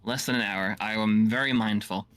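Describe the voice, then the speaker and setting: A man's voice: lowish voice, steady tone, normal speed, a bit bright, smooth, soft background music. A man narrating a tabletop game as game master, casual and full of fillers. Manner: casual, filler-heavy storytelling.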